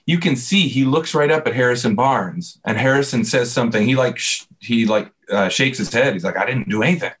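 A man's voice: mid-range voice, moderate pace, few pauses. A man in casual sports chat, animatedly retelling a game play by play. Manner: animated storyteller, replays moments play by play.

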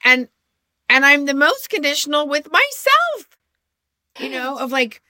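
A woman's voice: high voice, lively intonation, unhurried, long pauses, bright, forceful tone, no echo, studio quality. A middle-aged woman co-hosting a podcast, telling personal stories in a chatty, self-deprecating way with frequent restarts. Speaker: podcast co-host. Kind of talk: casual storytelling chat.

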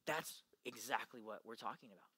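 Bright-voiced earnest young man preaching. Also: mid-range voice, normal speed, slightly rough, no echo. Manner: earnest, emphatic, acts out quotes. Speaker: youth ministry speaker. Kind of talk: youth talk to boys.

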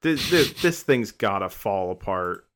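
A man's voice: fairly low pitch, big pitch swings, unhurried, fairly bright tone, a little hiss or hum. A man co-hosting a podcast, chatting casually with a joking, rambling manner. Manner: joking, rambling, self-interrupting. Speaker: podcast co-host.

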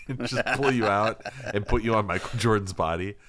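A man's voice: on the low side, normal speed, a bit bright, a little hiss or hum. A man chatting casually on a comedy podcast, rambling, swearing and laughing as he riffs. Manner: rambling, profane, laughs often.

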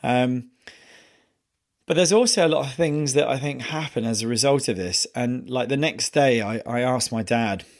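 A man hosting a podcast, telling a personal story in an earnest, halting way with many pauses and restarts. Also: mid-range voice. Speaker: podcast host.

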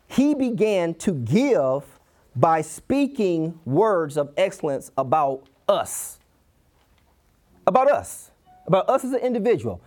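A man preaches with a Detroit accent, his voice swinging widely up and down as he drives home each point. He repeats key lines for emphasis and slips into playful voices when quoting people. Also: high voice. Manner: animated, repeats key phrases, acts out quoted voices. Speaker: pastor. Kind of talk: sermon.

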